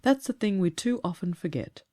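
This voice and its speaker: A woman voicing a calm, earnest grown man who tells of catching a ghost, in a storybook reading. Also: on the low side, lightly acted. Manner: measured, earnest, slightly aggrieved.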